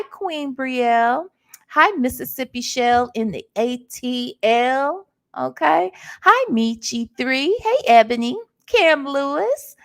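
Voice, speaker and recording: A tired, low-energy woman hosting a casual livestream and greeting her chat one by one. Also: gravelly. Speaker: livestream host.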